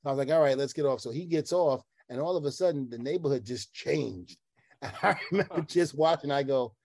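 A man in casual podcast chat, telling lively stories and acting out the quotes in them. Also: medium pitch, a little fast, no room sound. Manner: animated storyteller who acts out the quotes in his stories.

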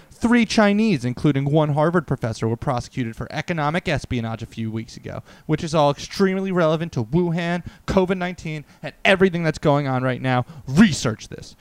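A man's voice: mid-range voice, animated, a little fast, a little mellow, clean tone, no echo. A man co-hosting a casual podcast, reading a chain message aloud in a mock-dramatic way and bossing his co-host.

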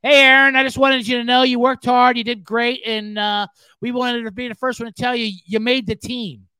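A man's voice: extremely high pitch, little pitch movement, moderate pace, sharp tone, clean tone, no echo, voice pushed up, poor audio. A man doing an earnest, upbeat coach. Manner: overly earnest, encouraging. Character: upbeat football coach, man, folksy and encouraging.

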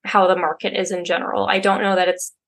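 A woman's voice: mid-range voice, flat delivery, quick pace. A young adult woman, a podcast guest, talking casually and reassuringly. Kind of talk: casual interview talk.

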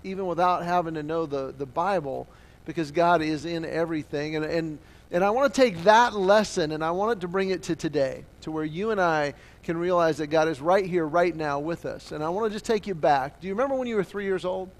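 A man preaching a sermon, telling a childhood story with lively acted-out voices and quotes. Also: on the high side, fairly quick. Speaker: pastor.

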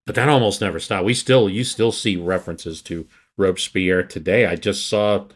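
A man's voice: deep voice, normal speed, breathy edge. A man, a guest podcast host, talking history in an enthusiastic, rambling way with frequent restarts. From United States. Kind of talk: casual history discussion.

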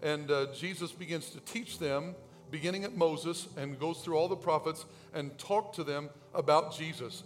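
A man preaching a sermon in a church with a high-pitched voice. He drops to quiet, low asides and then climbs to loud, shouted peaks. It sounds like a pastor working the room. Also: expressive, moderate pace, soft background music.

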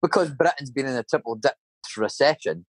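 A man's voice: mid-range voice, lively intonation, fast talker, no room sound. A middle-aged Scottish man with a Scottish accent, rambling through casual anecdotes full of swearing and tag questions. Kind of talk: casual storytelling chat.

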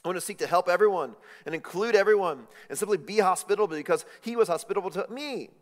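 A man preaching a sermon, swinging from loud emphatic lines to hushed, intimate ones. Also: high-pitched, quick pace. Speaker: pastor. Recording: reverberant hall.

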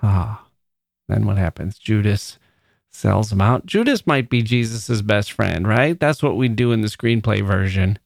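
A man hosting a podcast, reading a poem aloud slowly and musing over each line. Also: fairly low pitch, lively intonation, creaky, no echo, clean studio sound. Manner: slow, musing, reads quotations aloud. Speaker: podcast host.

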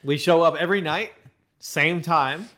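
Fairly high-voiced podcast dude telling wild travel stories, laughs a lot, gets animated. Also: male voice, unhurried. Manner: animated storyteller, laughs often. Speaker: podcast co-host. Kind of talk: casual chat. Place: travelling abroad.

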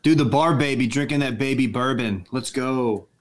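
A laid-back man, co-hosting a podcast in easygoing banter. His voice sits at a middle pitch and he tells stories at length. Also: normal speed. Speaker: podcast co-host. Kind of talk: casual chat.

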